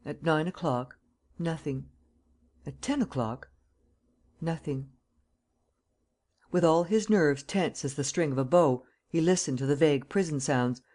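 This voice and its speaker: A man narrating a classic novel as an audiobook in a steady, measured reading style. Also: a little high. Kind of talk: scripted narration.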